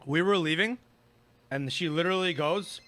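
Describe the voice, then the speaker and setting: A young man reacting to a clip with quick, exasperated, defensive interjections. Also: a little high, sharp tone. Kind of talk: reaction commentary.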